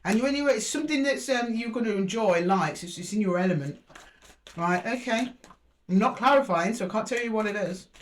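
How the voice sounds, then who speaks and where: A woman's voice: mid-range voice, expressive, brisk. A woman giving an intuitive tarot reading, chatty and musing aloud as she speaks fondly to her listeners. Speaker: tarot reader.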